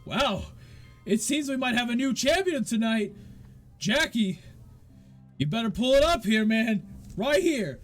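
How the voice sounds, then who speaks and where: A man doing a loud, hyped dart announcer. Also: extremely high pitch, sing-song, a little slow, long pauses, soft background music, pitched above the performer's own voice, heavily acted. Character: excitable male dart announcer.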